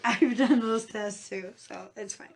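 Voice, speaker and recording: A woman's voice: medium pitch, fairly even intonation, unhurried. A woman co-hosting a podcast in casual chat, who answers in short, supportive and teasing replies and laughs along. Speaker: podcast co-host.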